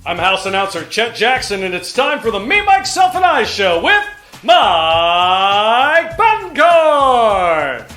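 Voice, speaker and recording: A man's voice: very animated, sharp tone, echoey room, soft background music, heavily acted. A man putting on the voice of a hyped house announcer who introduces the show, stretching his words out. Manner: drawn-out booming announcer delivery.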